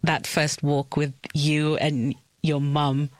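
A woman hosting an interview, asking gentle questions and reflecting with empathy. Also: deep voice, level tone, slow, dry recording. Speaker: interviewer, host.

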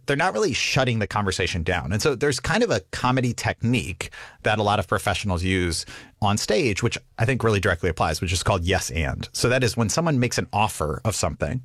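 A man speaking as a comedian guest in an interview, his voice lively and full of pitch swings. He laughs often and acts out little quoted bits of dialogue. The recording is dry and close. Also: no room sound. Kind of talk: conversational interview answers.

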